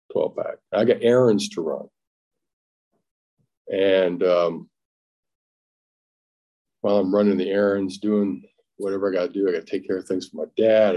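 A middle-aged man tells his own story at a recovery meeting in a plainspoken, halting way, often restarting and acting out what was said. His voice sits very low and sounds dark and mellow. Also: slightly rough. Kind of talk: personal testimony at a recovery meeting.

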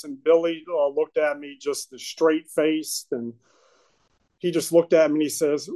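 Halting man telling his recovery story. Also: on the high side, flat delivery, mellow, rough recording. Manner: halting, full of fillers and restarts. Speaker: speaker sharing recovery story. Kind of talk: personal testimony at a recovery meeting.

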